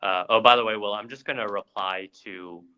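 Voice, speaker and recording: A man co-hosts a casual podcast and recounts a story, padding it with fillers and restarting his sentences. His voice sits fairly low, with a bright, forceful tone. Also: steady tone, brisk, clear, resonant tone, rough recording. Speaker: podcast co-host.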